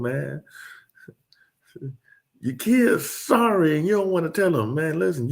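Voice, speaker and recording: Casual host: man, 30s, rough fry in the voice, swoops up and down, keeps laughing at his own jokes. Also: a little high. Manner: animated, joking, laughs often. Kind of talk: casual talk to an online audience.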